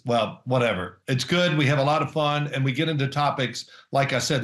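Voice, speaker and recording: An older man telling animated stories as an interview guest, slipping into quick impressions of others and laughing between lines. His voice sits a little high for a man, and the room adds a noticeable echo. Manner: animated storyteller, mimics others, laughs often. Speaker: guest, former NFL quarterback and analyst. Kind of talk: casual remote interview.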